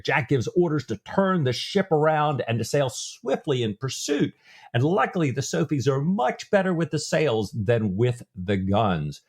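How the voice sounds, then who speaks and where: A man's voice: fairly high pitch, big pitch swings, moderate pace, husky. A man co-hosting a book podcast, talking casually with frequent fillers and restarts. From grew up Lutheran, not Norwegian-speaking. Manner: conversational, many fillers and restarts. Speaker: podcast co-host.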